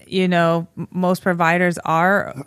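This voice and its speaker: Podcast guest prescriber, smooth clear voice, earnest and explanatory, dry sound. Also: mid-range voice, level tone, a little slow, fairly bright tone, no room sound. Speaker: medication prescriber. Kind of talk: casual conversation.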